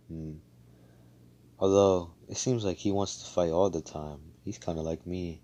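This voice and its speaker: A man's voice: sits low, steady tone, unhurried, mellow. A young man casually retelling a fan story, slangy and profane, with many fillers.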